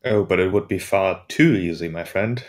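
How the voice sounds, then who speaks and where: A tabletop player speaks in character, a man with a lowish voice. He answers with wry, dry retorts and an unhurried, sardonic tone. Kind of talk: in-character tabletop role-play.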